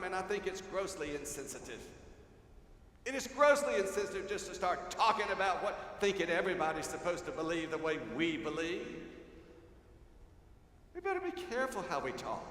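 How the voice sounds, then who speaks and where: An older man preaching a sermon as pastor, telling stories and swinging from loud to hushed. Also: sits high, a little hiss or hum. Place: large church sanctuary. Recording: echoey hall, faint ambience.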